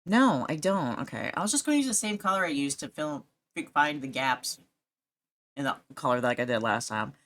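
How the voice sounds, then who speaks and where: Giggly low-voiced woman streamer. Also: lively intonation, normal speed. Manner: giggly, rambling, self-mocking. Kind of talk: casual chat while drawing on stream.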